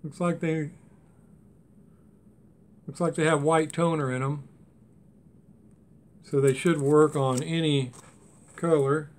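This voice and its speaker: A chatty man with a voice that sits a bit high for a man. He talks in a loose, folksy way, rambling from one thought to the next. The tone is casual and homespun. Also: fairly even intonation, takes it slowly, long pauses. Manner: chatty, folksy and rambling, with Southern-style grammar. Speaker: die-cast car hobby vlogger. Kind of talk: casual rambling unboxing chat.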